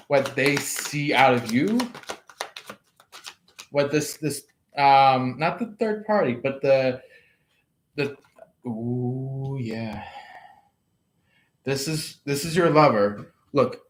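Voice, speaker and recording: Male tarot reader, unhurried and rambling, slightly higher voice, hushed asides. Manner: slow and meandering, many fillers, drops to a soft hush for imagined quotes. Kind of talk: casual tarot reading.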